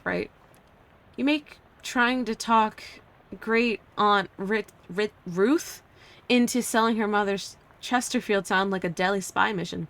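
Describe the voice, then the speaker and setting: A woman's voice: medium pitch, gravelly, fairly bright tone. A woman streamer reading a game's text and narration aloud, adding casual asides as she plays. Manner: reads narration briskly, adds casual asides.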